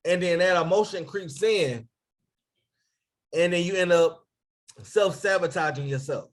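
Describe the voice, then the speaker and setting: A man coaching his team over a live stream, his voice sitting a little high for a man. He talks with lively energy, keeps asking viewers to post in the comments and shouts people out by name. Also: normal speed. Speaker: business coach.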